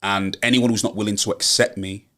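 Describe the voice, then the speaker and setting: Low-voiced Yorkshire rapper, earnest. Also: male voice, fairly even intonation, fairly quick, pushed and bright. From Hull, Yorkshire, England. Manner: earnest, emphatic, builds to rallying advice. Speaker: rapper, guest. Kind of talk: casual interview chat.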